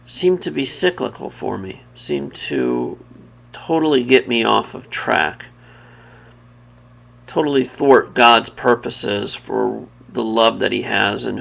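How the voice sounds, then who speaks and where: A man with a heavily gravelly, fry-laden voice speaks in a personal devotional talk. His voice sits at a middling pitch. He is earnest and reflective, often pausing and restarting his thoughts. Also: a bit bright. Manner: pauses and restarts mid-thought.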